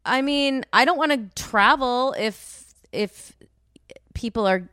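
A woman co-hosting a podcast, chatting casually and matter-of-factly, often trailing into quiet asides. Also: high voice, slow pace, clear, resonant tone, no echo, clean studio sound. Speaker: podcast co-host. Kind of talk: casual chat.

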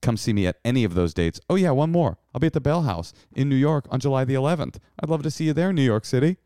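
A man's voice: medium pitch, animated, quick pace, warm tone, clean tone, no room sound, studio quality. A man co-hosting a podcast, reading tour dates and show announcements in a breezy, jokey way. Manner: breezy, jokey promo delivery. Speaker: podcast co-host.

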